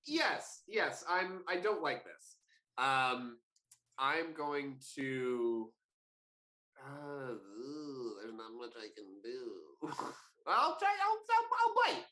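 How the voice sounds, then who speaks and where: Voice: mid-range voice, very animated, drawn-out words, bright, forceful tone. A player in a tabletop game who talks in a stammering, hesitant, flustered way. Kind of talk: casual tabletop game play. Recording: echoey room with faint noise.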